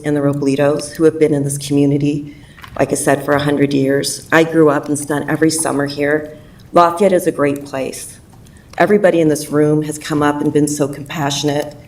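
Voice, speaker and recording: Low-voiced woman, shaky and emotional, heartfelt plea at a public meeting, a bit off-mic. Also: a little mellow, distant mic, low-quality recording. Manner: heartfelt, pleading. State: nervous and emotional. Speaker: public commenter. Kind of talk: unprepared public comment.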